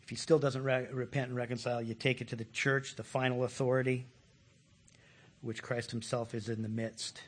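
A man preaching a sermon, animated, repeating words, with sudden loud bursts. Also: mid-range voice, brisk. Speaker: pastor.

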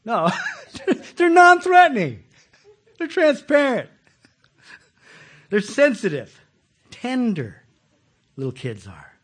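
A man preaching a conversational sermon as a pastor, animated, asking his listeners questions and acting out the voices he quotes. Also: very high-pitched, takes it slowly, pauses often.

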